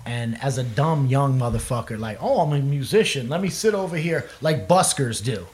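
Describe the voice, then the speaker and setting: A man's voice: medium pitch, expressive, normal speed, a little mellow. Casting: young male musician, loose and profane, rambling storyteller in a casual chat. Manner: profane, rambling, laughs often. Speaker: guest musician.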